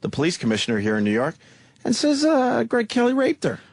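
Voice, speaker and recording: A man's voice: extremely high pitch, huge pitch swings, brisk, no room sound, studio quality. Blunt, profane male radio co-host. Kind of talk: casual radio talk. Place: radio studio. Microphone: studio mic.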